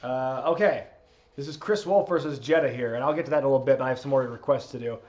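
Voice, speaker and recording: A man's voice: mid-range voice, fast talker, darkish tone, dull audio. A man hosting a live wrestling watch-along stream, chatting casually, laughing, and reading out viewer requests. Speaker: streamer host.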